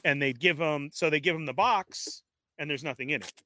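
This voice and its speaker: A man telling an animated story in casual chat, laughing often and acting out the dialogue. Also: fairly high pitch, brisk. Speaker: show regular telling a story.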